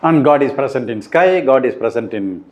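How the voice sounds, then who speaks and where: A middle-aged man, giving a slow, deliberate spiritual talk that turns emphatic on key points. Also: medium pitch, expressive, a little mellow. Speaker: spiritual teacher. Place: room indoors.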